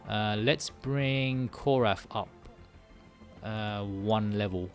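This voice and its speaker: Lowish guy streaming a game, thinking out loud, lots of ums and self-corrections, bit of music in the back. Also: extremely slow. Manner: thinks aloud, muttering and correcting himself. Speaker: gaming streamer. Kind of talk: casual live-stream commentary while playing.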